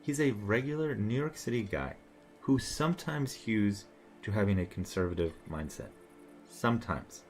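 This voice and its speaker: A man's voice: lowish voice, expressive, normal speed, a little mellow, faint music behind. A man giving a casual, rambling commentary monologue in a sarcastic tone, with frequent fillers and restarts. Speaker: commentator reacting to online posts.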